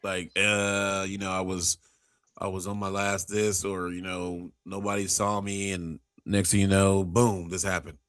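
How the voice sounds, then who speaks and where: A man's voice: low-pitched, flat delivery, unhurried, a bit bright, clean tone, dry recording, studio quality. A man hosting a podcast in casual chat, rambling through stories and acting out the people in them. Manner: rambling storyteller who acts out quotes, many restarts. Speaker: podcast host.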